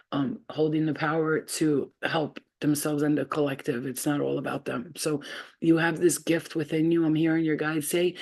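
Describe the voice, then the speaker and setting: A woman's voice: low voice, a little mellow. A woman reads spiritual messages on a casual livestream. She rambles from thought to thought in a loose, unscripted way. Her talk is full of fillers and trailing asides. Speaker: spiritual reader.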